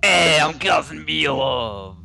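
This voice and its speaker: A man putting on a cocky, slow-drawling voice for a young male pizza-boy assassin. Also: on the high side, lively intonation, creaky, a crowd in the background, full character voice.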